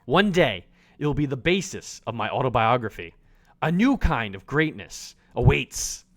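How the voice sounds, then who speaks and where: A man voicing a pompous, haughty male chef from a video game's journal, reading the chef's entries in a lowered, disdainful tone. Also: big pitch swings, normal speed, fairly bright tone.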